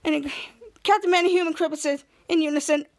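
A young woman hosting a podcast, excitedly recapping a TV episode and acting out the characters' lines in playful voices. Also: high-pitched, fast talker. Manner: excited, rambling, acts out quotes in playful voices. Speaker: podcast host.

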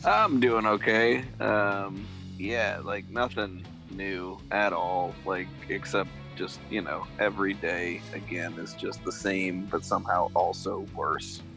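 A man's voice: deep voice, fairly even intonation, takes it slowly, gravelly, few pauses, over music. A man, co-hosting from his porch, laid-back and wry. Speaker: podcast co-host. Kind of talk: casual chat.

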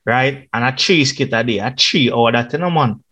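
A man's voice: medium pitch, normal speed, bright, forceful tone. A Jamaican man co-hosting a podcast, asking questions in easygoing patois. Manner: easygoing, calling guest bro and man. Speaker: podcast co-host. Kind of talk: casual interview chat.

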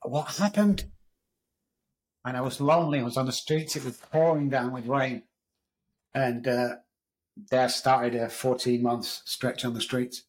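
A middle-aged man with an English accent tells his own story as a podcast guest. He talks in a candid, raw way and swears freely. His voice sits at an ordinary middle pitch. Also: level tone, moderate pace, low-quality recording. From England. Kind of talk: storytelling interview.

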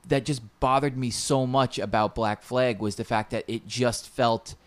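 A man's voice: medium pitch, fairly even intonation, normal speed. A man in casual chat about video games, rambling and repeating words as he explains.

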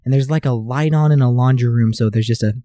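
Young guy, warm mellow voice, slow careful storytelling, dry close sound. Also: medium pitch, dry recording. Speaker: podcast co-host. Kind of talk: casual chat, reminiscing.

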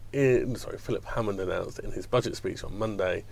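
Man, low voice, gravelly, sardonic, casual news panel talk. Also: fairly quick, a little mellow. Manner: wry, sardonic commentary. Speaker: education journalist on panel.

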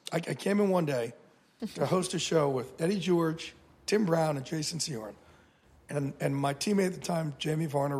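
A man in his fifties whose voice sits a little high for a man and has a husky, slightly rough grain. He talks as a guest in a casual interview and tells his stories bluntly, with swearing and lively emphasis. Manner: blunt, profane, animated storyteller. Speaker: podcast guest.

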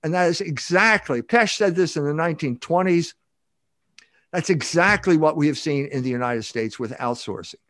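An older man speaks as a podcast guest, his voice sitting fairly high for a man. He talks emphatically and rambles, restarting sentences as he goes. The sound is dry and close. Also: lively intonation, normal speed, a bit bright, dry recording. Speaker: guest author. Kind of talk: podcast interview.

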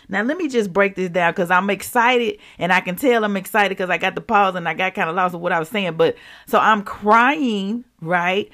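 Slow, emotional woman sharing faith testimony. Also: medium pitch, a bit bright. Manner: emotional, exclamatory, addresses listeners as y'all. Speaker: podcast host. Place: home.

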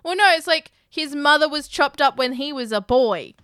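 A woman in casual chat, calmly narrating plot steps of a film with easy fillers. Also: high-pitched, normal speed, no echo, clean studio sound. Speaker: podcast co-host.

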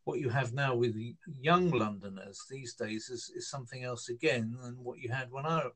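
A man in his fifties from northern England, speaking, telling a long personal story in a relaxed interview, with lots of fillers and restarts. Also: medium pitch, normal speed. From Newcastle, northern England. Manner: rambling, hesitant, with many fillers and restarts. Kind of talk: casual storytelling conversation.

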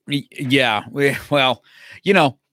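A man's voice: mid-range voice, takes it slowly, pushed and bright. A man in his fifties who runs a martial arts school talks through old memories in a loose, rambling way. He restarts his sentences and stumbles over repeated words. His voice sits mid-range, and the recording is dry with no room echo. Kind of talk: casual conversation, storytelling.

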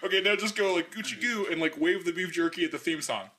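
A man's voice: high voice, fast talker, bright, forceful tone. A man hosting a casual podcast chat, joking around and swearing freely. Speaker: podcast host.

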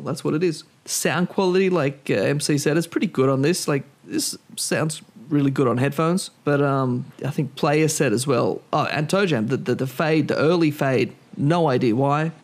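A man on a music podcast giving blunt, plain opinions in casual chat. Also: mid-range voice.

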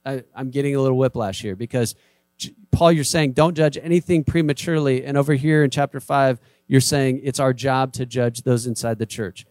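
A man's voice: medium pitch, fairly even intonation, brisk, darkish tone, no room sound. A man preaching a sermon as a pastor, talking conversationally and acting out short quoted voices. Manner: conversational, acts out quoted voices, emphatic repetition.

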